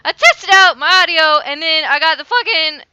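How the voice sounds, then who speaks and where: A woman's voice: extremely high pitch, expressive, moderate pace, bright, forceful tone, no room sound, raised voice. A woman commentating a game, jittery and swearing, muttering to herself, her microphone flipped up above her head. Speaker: let's play host. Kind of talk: gameplay commentary. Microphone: headset mic flipped up above head.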